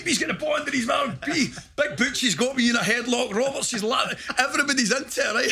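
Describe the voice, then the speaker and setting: An older man with a Scottish accent telling a football story with animated energy and laughing asides. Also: very high-pitched. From Scotland. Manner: lively anecdotal, broad dialect, laughing asides. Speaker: guest.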